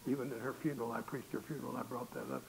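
A man's voice: medium pitch, steady tone, very fast, vocal fry, low-quality recording. An older male pastor, telling a folksy storytelling sermon and acting out the voices in his tales. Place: church. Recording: hissy recording with faint noise.

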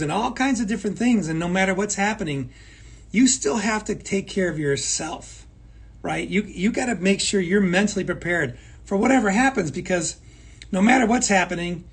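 High husky guy cohosting, pumped-up pep talk, keeps repeating himself for emphasis. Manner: emphatic, repeats phrases, acts out quoted people. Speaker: co-host. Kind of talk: motivational chat.

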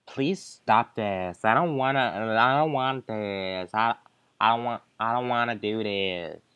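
A man's voice: fairly low pitch, slow pace, fairly bright tone, clear, resonant tone, dry recording, muffled recording. Brief: valley girl in distress, whiny and pleading, put on by a man. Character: scared young girl, valley girl manner. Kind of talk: let's play voice acting.

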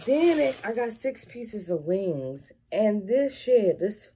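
A woman's voice: medium pitch, sing-song, slow pace, few pauses, warm tone, breathy edge. A woman vlogging casually from her home kitchen, chatty and blunt, swearing freely and talking straight to her viewers. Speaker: lifestyle vlogger. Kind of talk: casual morning chat to viewers. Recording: home recording with noisy background.

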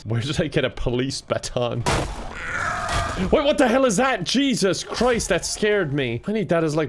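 A man's voice: a little high, a little hiss or hum. An Irish man commentating a video game with sarcastic jokes and frequent laughter. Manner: sarcastic, jokey, laughs a lot. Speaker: gaming YouTuber.

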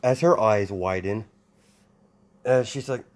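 A man improvising fan-fiction narration in a casual, halting way, with many restarts and fillers. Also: fairly low pitch. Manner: hesitant, full of restarts and fillers. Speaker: storyteller.

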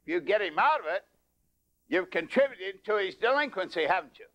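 Speaking a little fast in an expressive, slightly bright voice, an older preacher gives a folksy sermon built around a long personal story. His pitch climbs during the storytelling, and it's preserved on dull lo-fi tape.

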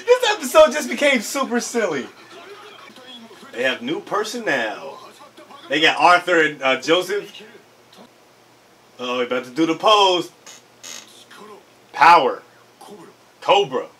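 A man with a high, bright voice reacts to an anime episode in a hyped, slangy way and breaks into laughter often. His delivery is unhurried, and his pitch swings widely. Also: very animated. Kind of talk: excited casual reaction commentary.

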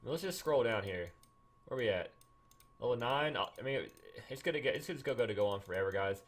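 Excitable man doing game commentary. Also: mid-range voice, a little fast. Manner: excitable, mock-angry, repeats himself. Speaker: gaming YouTuber. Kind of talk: casual gameplay commentary.

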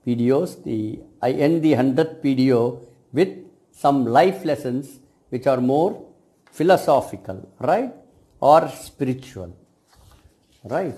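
A man, a cosmetic science lecturer giving a reflective video talk to his students, speaking in measured phrases that often end with "right?". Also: mid-range voice, lively intonation, dark tone.

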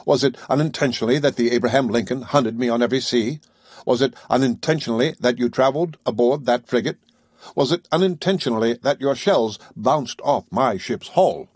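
A man reading the lines of an aloof, commanding ship's captain in an audiobook, calm, measured and penetrating. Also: medium pitch, husky, no room sound, clean studio sound. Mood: accusing.

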